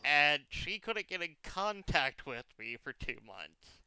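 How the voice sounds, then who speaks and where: A man's voice: on the high side, big pitch swings, slow, sharp tone, smooth. A young man chatting casually as a streamer, telling long comic stories with exaggerated quoted lines. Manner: rambling comic storytelling, exaggerated quoted voices. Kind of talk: casual chat.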